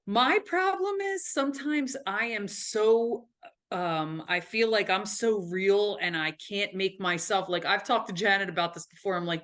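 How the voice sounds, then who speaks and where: A woman's voice: mid-range voice, expressive, moderate pace, fairly bright tone. A woman guesting on a podcast in a recording studio, talking in a chatty, rambling way and laughing easily. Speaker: podcast guest, business owner. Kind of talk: casual interview chat.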